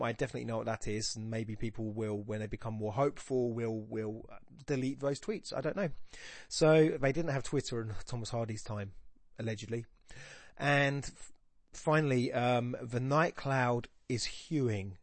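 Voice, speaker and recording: A man who hosts a podcast and teaches, analysing a poem aloud, musing and stopping himself mid-thought and reading quoted verse slowly. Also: medium pitch, no echo. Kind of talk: thinking-aloud poetry analysis.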